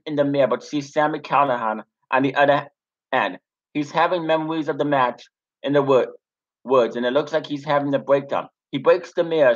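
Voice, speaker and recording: A man's voice: on the high side, dull audio. A young man casually recapping a wrestling show, rambling with many fillers and restarts. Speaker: wrestling reviewer.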